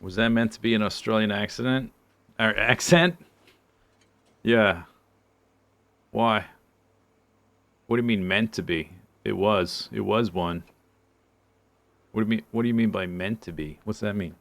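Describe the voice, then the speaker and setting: A man's voice: on the low side, a little slow, pauses often, a bit bright, no echo. A man streaming a survival game, talking casually to chat, joking dryly and muttering through his inventory. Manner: dry, joking, muttering lists to himself. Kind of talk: casual gameplay commentary.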